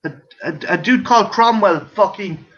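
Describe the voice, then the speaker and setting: An Irish man with a high, bright voice swears his way through lively stories in casual chat. The audio is dull and lo-fi. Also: normal speed. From Ireland. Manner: profane, animated storytelling. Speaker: co-host.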